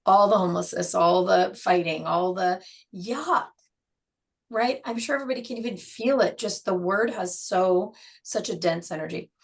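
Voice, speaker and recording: A woman guest on an interview show, explaining her program in a measured way and slowing down to stress key words. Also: on the low side, creaky.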